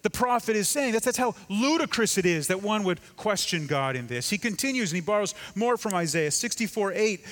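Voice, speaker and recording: A man preaches a sermon with emphasis, sinking to a near hush to drive points home. His voice sits a little high for a man. A long reverb trails every phrase, as in a large hall. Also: animated, normal speed. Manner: emphatic, dramatic drops to a hush. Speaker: pastor.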